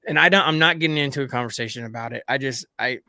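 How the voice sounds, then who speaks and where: Bright-voiced man rambling to his viewers. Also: mid-range voice, very fast, dry recording, clean studio sound. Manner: rambling, keeps addressing viewers as guys. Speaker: livestream host. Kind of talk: casual group chat.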